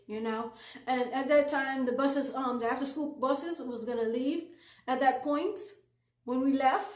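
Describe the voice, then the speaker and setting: A woman's voice: high voice, unhurried. A woman casually telling a personal story, rambling with lots of filler ums and restarts. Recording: echoey room.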